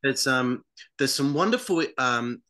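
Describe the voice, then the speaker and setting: A man hosting a live online interview over a video call, halting with fillers as he reads out a list from the chat. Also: medium pitch, lively intonation, sharp tone. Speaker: host.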